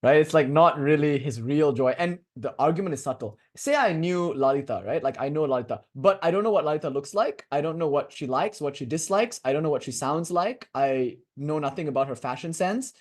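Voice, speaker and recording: A man in his twenties lectures a class on bhakti philosophy in a relaxed, joking, conversational way. His voice is fairly high for a man, and his lively delivery drifts into laughing asides before he pulls back to the point.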